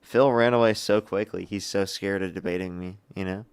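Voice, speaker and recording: A young man hosting a live political call-in debate, combative and incredulous with quick retorts. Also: deep voice, fairly even intonation, clear, resonant tone. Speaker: livestream debate host.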